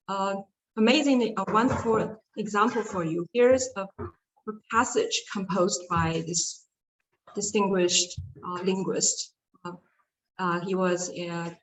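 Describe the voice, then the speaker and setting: A woman giving an online language lesson, talking hesitantly with many fillers and restarts. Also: mid-range voice. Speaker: Chinese language teacher. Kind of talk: online lecture with slides. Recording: echoey room with faint noise.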